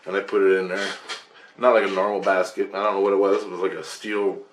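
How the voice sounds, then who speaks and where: Low-voiced man telling a rambling story. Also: fast talker, slight background noise. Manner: rambling, profane, excitable. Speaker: vlogger. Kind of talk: personal storytelling to camera.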